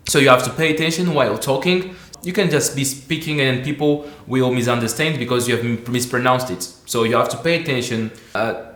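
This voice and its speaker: A man with as his hosts an English lesson in a voice of ordinary pitch. He restarts phrases and stretches words slowly to model them. The room gives his voice a clear echo. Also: a bit bright. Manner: repeats and restarts words, slows to model pronunciation. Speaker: English teacher. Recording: echoey room.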